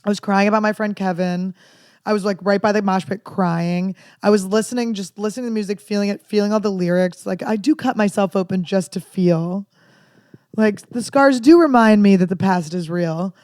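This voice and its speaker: Woman comedian, thirties, rambling candid storyteller, dark humor, dry close mic. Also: medium pitch, normal speed, dry recording. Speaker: comedian guest. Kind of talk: casual podcast chat.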